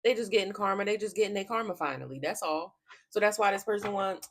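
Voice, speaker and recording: A woman's voice: medium pitch, fast talker, fairly bright tone, a little hiss or hum. A woman giving a casual tarot reading to camera, blunt and profane, often cracking up laughing. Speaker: tarot reader.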